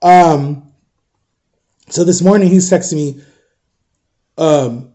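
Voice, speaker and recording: A man's voice: on the high side, takes it slowly, mellow. A man in his thirties telling a personal story in a casual storytime vlog, animatedly retelling a conversation and quoting both sides of it.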